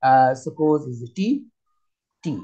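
A man teaching a spoken language lesson, with slow, repetitive, halting phrasing. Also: medium pitch, lively intonation, mellow, dull audio. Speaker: Arabic teacher. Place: Qatar.

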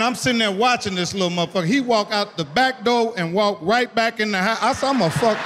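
A high-pitched older man on stage telling a story, bursting into loud acted-out voices. His voice rings with long hall reverb. A faint hiss sits underneath. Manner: animated storytelling, acts out voices with loud outbursts. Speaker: stand-up comedian. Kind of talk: stand-up comedy set.

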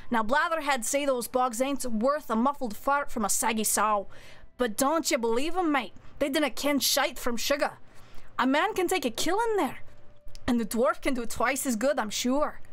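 A woman voicing a gruff male dwarf in a put-on Scottish accent, reading his coarse letter aloud. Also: sits high, normal speed, fairly bright tone.

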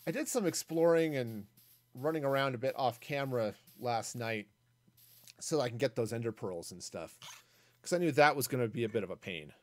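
A man's voice: medium pitch, lively intonation, normal speed. Man thinking aloud while streaming a game. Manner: thinks aloud, rambling with restarts and asides; self-mocking, jokey. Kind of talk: casual gameplay commentary.

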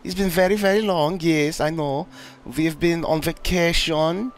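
Brief: man doing a goofy high-pitched accented persona, slow, hammy and theatrical. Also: fairly even intonation, soft background music. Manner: theatrical, drawn-out, sing-song delivery. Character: exaggerated high-voiced foreign-accented man greeting viewers.

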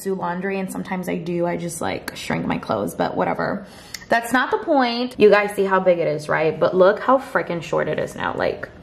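A woman's voice: on the low side, vocal fry. A young woman chatting casually into her vlogging camera at home, peppering her talk with "like". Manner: chatty, heavy use of "like". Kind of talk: casual vlog chat. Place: indoors at home.

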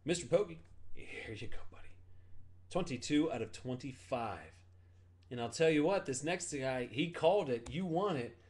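A man's voice: medium pitch, animated, normal speed, darkish tone. A man hosting a sports card break, chatting casually and calling out each card for the buyers, joking as he goes.

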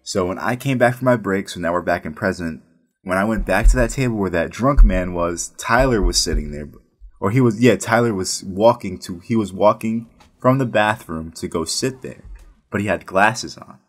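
A man's voice: low-pitched, normal speed, husky. A man casually telling a story about his work as a casino dealer, rambling and profane, with many restarts.

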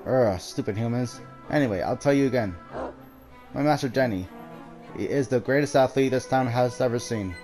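A man's voice: mid-range voice, normal speed, darkish tone, natural voice. A man voicing a proud, indignant male dog who calls himself king of the dogs, in a game scene over music. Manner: indignant, scornful.

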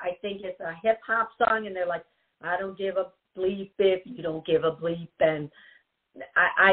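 A woman hosting a call-in radio show as a psychic, chatty and given to giggling, repeating her warnings to the caller. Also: medium pitch. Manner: chatty, giggly, gives advice in repetitive warnings. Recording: tinny phone-like audio.

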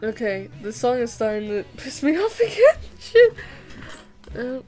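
A woman's voice: a little high, sing-song, moderate pace, a little mellow, poor audio. Giggly young woman streaming over music. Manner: chatty, giggly, reads chat aloud, swears. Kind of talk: casual livestream chat while drawing. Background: background music.

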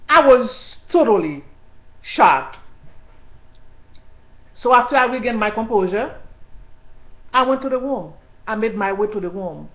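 A woman who worked in hospital care tells her story as a personal testimony, indignant and halting, with many restarts. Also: on the high side, roomy sound, dull audio.

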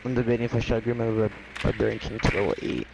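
Gravelly young man in a noisy chat. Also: lowish voice, steady tone, very fast. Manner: blunt, swears casually. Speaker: gaming friend. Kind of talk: casual gaming chat.

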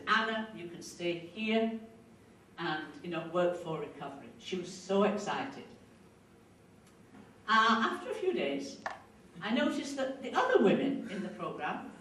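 A woman's voice: mid-range voice, a little hiss or hum. Woman, earnest lecture, acts out quoted voices, faint ambience, far from the mic. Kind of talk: storytelling lecture. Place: lecture hall. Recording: echoey hall, distant mic, faint ambience.

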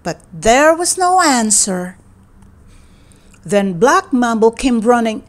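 A woman reading a children's picture book aloud in a gentle, expressive, deliberate way. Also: a little high. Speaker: read-aloud narrator.

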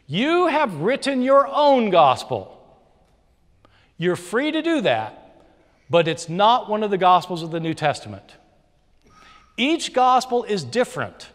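Debater, male, high animated delivery, emphatic repetition, long hall reverb. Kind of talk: formal debate speech. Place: university lecture hall.

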